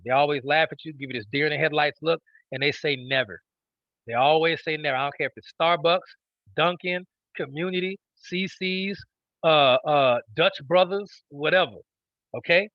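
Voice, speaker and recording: The instructional talk comes from a network marketing trainer with a slightly high voice and a moderate pace. He is emphatic and repetitive, regularly checking in with "okay?", and the recording is dry and dull.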